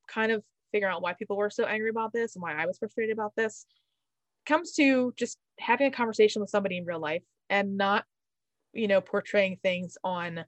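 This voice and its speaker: A chatty woman hosts a podcast in a relaxed, reflective way. Her voice sits at a middle pitch, and the sound is close and dry. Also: no echo. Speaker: podcast host. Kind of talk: casual podcast chat.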